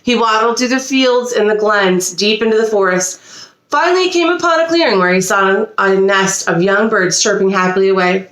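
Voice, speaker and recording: A woman reading a children's storybook aloud with expressive delivery and small slips. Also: mid-range voice, moderate pace, reverberant. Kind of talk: reading a picture book aloud. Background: a child nearby.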